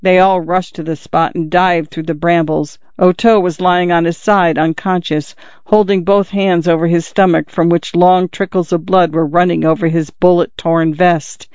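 Man, audiobook narration, measured, clear voice, high pitch. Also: level tone, a little mellow, dry recording, dull audio. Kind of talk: audiobook reading of a classic short story.

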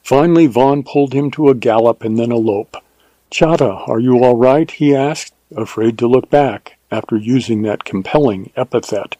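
A man reading a Western novel aloud in measured, even audiobook narration. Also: mid-range voice, no echo, poor audio.

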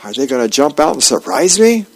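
Man putting on an eager excitable cartoon dad. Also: medium pitch, brisk. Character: excited middle-aged suburban husband, cartoon dad.

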